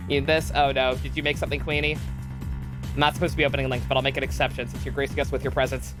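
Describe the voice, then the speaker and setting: A woman's voice: extremely low pitch, flat delivery, rapid-fire, music in the background. A woman streaming a game, chatting casually, joking, swearing and laughing as she reads along. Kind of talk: casual let's-play chat with voice reading.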